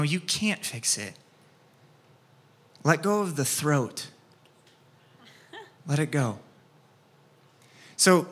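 Animated, bright-voiced male pastor. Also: a little high. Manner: animated storytelling, acts out scenes, drops soft for key points. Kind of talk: sermon with personal story.

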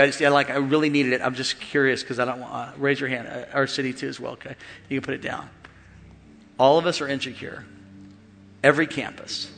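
Animated joking male pastor, bright voice. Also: mid-range voice, a little hiss or hum. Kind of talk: sermon. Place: large church auditorium. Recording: long hall reverb with faint music.

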